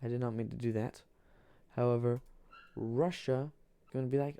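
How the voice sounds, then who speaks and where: Casual male map narrator, gravelly and dark, halting, dry room. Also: medium pitch, steady tone, dry recording. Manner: repetitive, restarts, halting.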